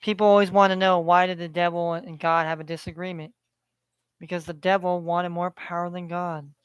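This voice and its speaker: A man on a heated, preachy rant, swearing freely and circling back to the same phrases. His voice is smooth and resonant. The sound is close and dry, with no room around it. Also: high voice, level tone, fairly quick, no echo, dull audio. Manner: profane, preachy, repeats phrases. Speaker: vlogger. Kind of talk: ranting monologue.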